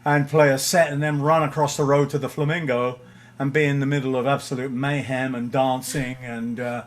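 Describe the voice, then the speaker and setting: An older English man, a guest musician, tells anecdotes in a casual interview, chuckling and leaning heavily on fillers. His voice is mid-range, flat and at a normal speed.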